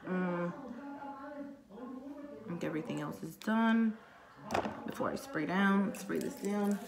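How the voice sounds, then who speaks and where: A woman's voice: mid-range voice, animated, slow, creaky, noisy background. A young woman chatting casually through a makeup tutorial, rambling and talking to herself as she works. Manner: chatty, rambling, talks to herself while working. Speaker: beauty vlogger.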